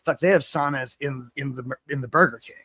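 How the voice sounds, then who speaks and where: A man's voice: medium pitch, fast talker, bright, forceful tone, no echo. A man in his forties, co-hosting a live talk show, rambling in a profane, casual way and laughing often. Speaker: podcast co-host.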